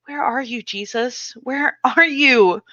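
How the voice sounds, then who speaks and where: A frightened little girl, put on by a woman reading aloud, her voice raised high and pleading like a child's. It sounds bright and crisp, close and dry, on a somewhat muffled recording. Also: very animated, normal speed, dry recording. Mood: distraught. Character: young girl, intense and frightened. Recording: slightly dull, muffled recording.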